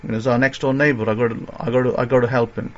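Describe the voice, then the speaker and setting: A male religious teacher speaking at a middle pitch, telling a long story in sermon style. He rambles, circles back and restarts his phrases. The recording is dull and lo-fi. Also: flat delivery, fast talker. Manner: rambling, many fillers and restarts.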